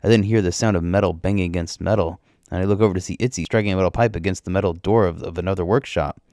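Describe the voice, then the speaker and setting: A man narrating a story in the first person, in a plain, steady way. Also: sits low, very fast, no echo, studio quality.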